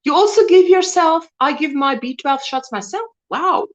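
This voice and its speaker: A woman's voice: high-pitched, animated, moderate pace. A woman hosting a casual live-stream chat, greeting viewers and reading their comments aloud. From South Africa. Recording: dull lo-fi stream audio.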